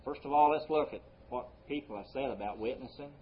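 A male pastor preaching a sermon, swinging between loud emphasis and quiet low phrases, slowing down on scripture quotes. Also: highs cut off, a little hiss or hum.

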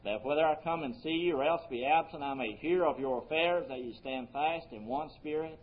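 A man preaching a sermon earnestly, his voice rising for emphasis and then dropping soft. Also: a little high, a little fast. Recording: muffled lo-fi recording.

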